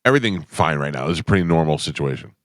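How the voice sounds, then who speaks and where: Deep-voiced man hosting morning radio. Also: animated, rapid-fire, no echo, studio quality. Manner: storytelling, defensive, gets louder when retelling. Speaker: radio show host. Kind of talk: casual morning radio banter. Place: radio studio. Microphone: studio microphone.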